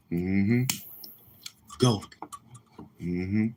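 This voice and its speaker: A man's voice: mid-range voice, unhurried, background noise. A man hosting a livestream, chatting casually with viewers in a boastful, crude, repetitive manner. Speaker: livestream host.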